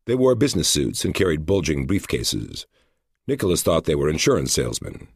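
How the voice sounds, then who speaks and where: Deep, gravelly male narrator. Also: very animated, dry recording, clean studio sound. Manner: measured, storytelling. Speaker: audiobook narrator. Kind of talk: scripted narration.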